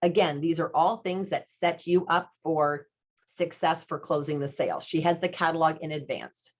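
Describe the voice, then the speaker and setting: A woman with a somewhat low voice runs an upbeat sales lesson, talking casually and slipping into bits of retold phone calls. The sound is dull and lo-fi. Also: normal speed. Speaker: sales trainer. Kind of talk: instructional talk with retold dialogue.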